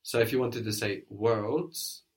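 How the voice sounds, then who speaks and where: Man, language teacher, lowish voice, patient, encouraging, guided lesson. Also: steady tone, unhurried.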